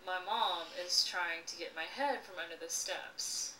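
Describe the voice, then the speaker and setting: A woman slowly telling a personal childhood story with lively expression and occasional laughs. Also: fairly low pitch. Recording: echoey room, voice from a distance, faint noise.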